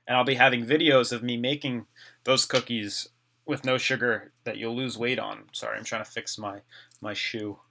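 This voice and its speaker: A man's voice: mid-range voice, steady tone, moderate pace, vocal fry, pushed and bright, a little hiss or hum. A man hosting a casual live stream, reading viewer comments aloud and answering them in a chatty way, his voice getting dry from talking so long.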